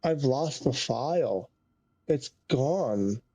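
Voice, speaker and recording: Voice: medium pitch, expressive, very slow, mellow, dry recording, muffled recording. A flight sim streamer talking to themselves during live gameplay, muttering, sighing often and getting easily frustrated.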